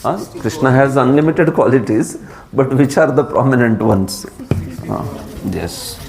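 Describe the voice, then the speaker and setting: A man with an Indian accent giving a scripture class lecture, lively, laughing often and putting questions to his students. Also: medium pitch, unhurried, creaky, soft background music. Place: class streamed live.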